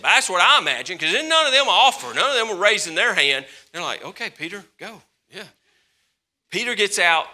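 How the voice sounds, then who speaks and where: Bright-voiced preaching pastor. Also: male voice, sits high. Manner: impassioned preaching, swings from loud to hushed. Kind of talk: sermon.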